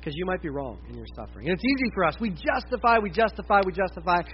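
A middle-aged American man preaching a conversational sermon as pastor, animated and loud at times, dropping to quiet asides. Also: high-pitched, fast talker, lo-fi sound, slight background noise. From United States.

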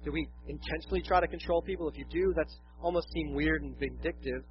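A man's voice: a little high, fast talker, highs cut off, noisy background. A man preaching a conversational, self-deprecating sermon, often acting out quotes. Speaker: pastor.

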